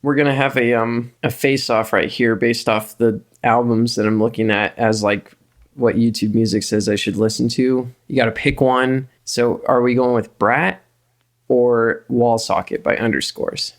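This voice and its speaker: A man co-hosting a podcast in a relaxed, easygoing way. He teases his partner and keeps the chat loose. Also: mid-range voice, moderate pace. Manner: easygoing, playful teasing. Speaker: podcast co-host. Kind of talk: casual chat.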